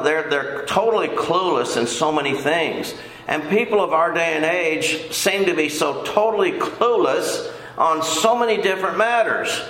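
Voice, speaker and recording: A man's voice: fairly high pitch, pushed and bright. Folksy older man teaching a Bible class. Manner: folksy, rambling, repeats himself. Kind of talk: casual Bible lesson. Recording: echoey room.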